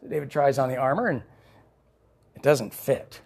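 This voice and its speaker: A male pastor preaching a sermon, telling the story in an animated way with chuckles. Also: medium pitch, normal speed, vocal fry, long pauses, breathy edge.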